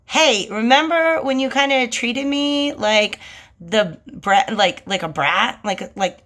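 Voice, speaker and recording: A woman's voice: on the high side, slow pace, fairly bright tone. A woman playing a wronged young man, reproachful. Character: wronged young man confronting his sister.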